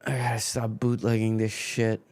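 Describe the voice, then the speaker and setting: A man's voice: fairly low pitch, completely flat delivery, moderate pace, darkish tone. A man hosting a live football watchalong stream, swearing and grumbling as his stream keeps freezing.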